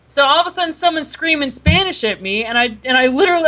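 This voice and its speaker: Brief: young woman, bright high voice, animated, profane storyteller. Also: fast. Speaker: podcast co-host. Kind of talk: casual chat.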